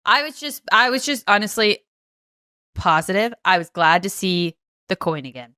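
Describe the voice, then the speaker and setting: A woman co-hosting a podcast, chatting casually and quickly, often agreeing. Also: medium pitch, expressive, bright, forceful tone, dry recording, clean studio sound. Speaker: podcast co-host. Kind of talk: casual recap chat.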